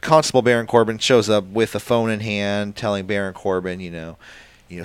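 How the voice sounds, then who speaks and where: A man with a very low voice leads a casual podcast chat, rambling from one point to the next with plenty of ums and uhs. The sound is dry and close, with no room around it. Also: fairly even intonation, a little fast, clear, resonant tone, no echo. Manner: rambling, filler-heavy, leads the rundown. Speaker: podcast co-host. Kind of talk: casual wrestling recap chat.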